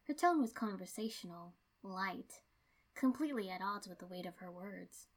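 A woman reading a first-person story aloud in an even, steady narration. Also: medium pitch, normal speed. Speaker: reader.

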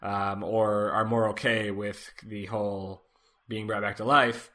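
A man co-hosting a casual podcast, recapping a TV episode in a relaxed way, with lots of fillers. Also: on the low side, a little slow. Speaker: podcast co-host.

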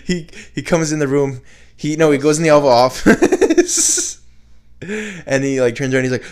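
A man's voice: on the high side, very animated, moderate pace. A young man, the podcast host, narrating a comedic improv game in a casual, laughing way. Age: young adult. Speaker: game master.

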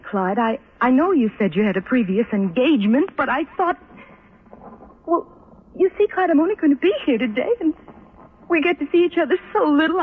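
A woman's voice: sits high, husky. Lovesick young woman. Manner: emotional, halting, breathless pleading. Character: young woman desperately, obsessively in love. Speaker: lovesick heroine. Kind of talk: old-time radio drama acting. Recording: tinny old radio broadcast with faint hiss.

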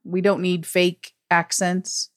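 Wry, teasing American woman co-host with a lowish voice, reviewing films. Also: level tone, slow. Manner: wry, teasing, laughs easily. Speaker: podcast co-host. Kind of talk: casual movie review chat.

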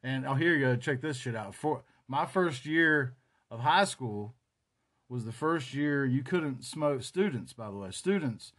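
A man in his forties with a North Carolina Southern drawl, talking alone into the mic for his podcast. He rambles from memory to memory with loose, profane asides. His pitch sits in an ordinary middle range. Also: animated, unhurried, fairly bright tone. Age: 40s. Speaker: podcast host. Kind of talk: casual solo podcast monologue.

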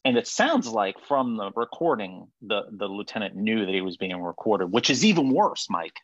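A man's voice: on the low side, big pitch swings, moderate pace, no echo, dull audio. A man hosting a podcast in casual chat, blunt and swearing freely. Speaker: podcast host.

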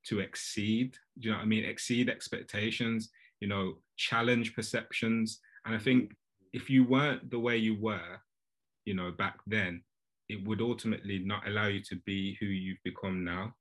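Male podcast host, lowish voice, encouraging and conversational. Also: steady tone, moderate pace, fairly bright tone. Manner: encouraging, keeps asking "do you know what I mean". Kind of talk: casual podcast chat.

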